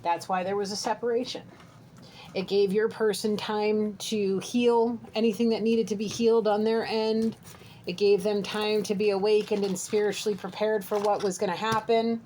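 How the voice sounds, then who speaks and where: A woman's voice: mid-range voice, fairly even intonation, moderate pace, warm tone, slight background noise, low-quality recording. A woman reading a channeled spiritual message straight to her viewer, earnest and direct, often checking in with "okay?". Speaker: psychic reader. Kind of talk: channeled tarot-style reading to camera.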